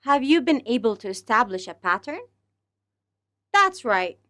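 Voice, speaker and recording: Slow, lively high-voiced woman teacher. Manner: slow, deliberate delivery, speaking to pupils as a class; exaggerated rising and falling intonation on example phrases. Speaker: English teacher. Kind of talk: scripted grammar lesson.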